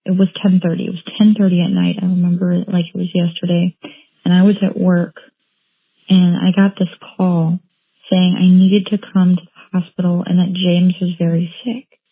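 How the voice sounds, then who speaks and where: A woman telling her own painful story as an interviewee, halting and repeating phrases as she recounts what happened. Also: lowish voice, level tone, slightly rough, no echo. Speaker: interviewee, bereaved mother. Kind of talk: emotional personal account. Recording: tinny phone-like line, dry.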